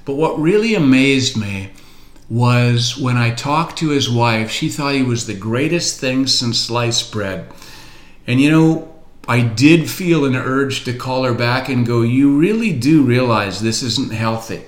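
A man's voice: mid-range voice, a little slow, roomy sound. A man coaching business owners in a motivational talk, blunt and emphatic, repeating his key points.

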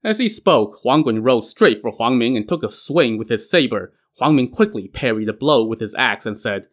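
A man's voice: mid-range voice, animated, normal speed. A man casually retelling an old myth in wry, colloquial narration as host. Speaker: storyteller.

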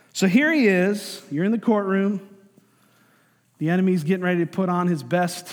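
A man's voice: sits high, a little slow, long pauses, long reverb tail. A man preaching a sermon as a pastor, conversational and joking, acting out voices to make his points.

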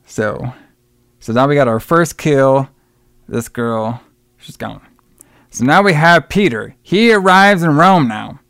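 A man's voice: medium pitch, animated, slow pace, vocal fry, long pauses, fairly bright tone, dry recording. Guy cohosting a movie podcast, swears a ton, does goofy voices for characters, dry close sound. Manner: profane, rambling retelling with mocking quoted voices. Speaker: podcast co-host. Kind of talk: casual film review chat.

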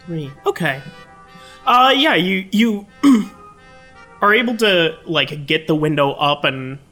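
Slow-talking bright-voiced woman. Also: on the low side, lively intonation, soft background music. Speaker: tabletop player. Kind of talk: casual role-play chat.

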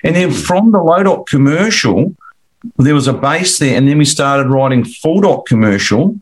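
Middle-aged Australian man, rambling storyteller, slightly high-pitched, relaxed interview guest. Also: moderate pace. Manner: rambling, repeats words, acts out quoted dialogue. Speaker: commercial finance broker guest.

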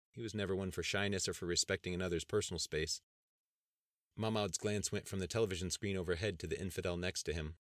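A man reading an audiobook in steady, measured narration. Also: deep voice, no echo, clean studio sound.

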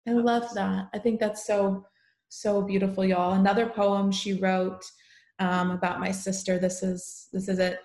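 Gentle woman host in an echoey room. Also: medium pitch, little pitch movement, a little slow. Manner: soft, tender, lingering reading of poems. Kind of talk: live stream conversation.

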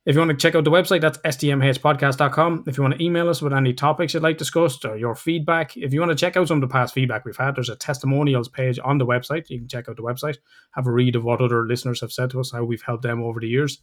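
Male podcast host, quick and chatty, swears freely. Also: medium pitch, fairly even intonation. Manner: chatty, swears freely, fast outro plugs. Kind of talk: casual podcast chat.

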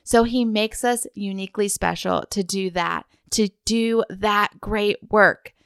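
Woman doing a faith podcast, slow and heartfelt, smooth clear voice, dry close mic. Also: medium pitch, no echo. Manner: earnest, heartfelt, addresses listener directly. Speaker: podcast host. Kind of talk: faith-based wellness podcast talk.

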